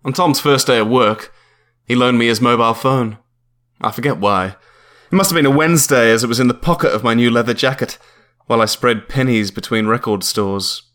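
A man's voice: fairly low pitch, a bit bright. Dry, wry male memoir narrator.

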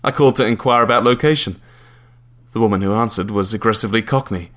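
A man's voice: fairly low pitch, fast talker, fairly bright tone. A man narrating a memoir audiobook in a dry, wry, understated way.

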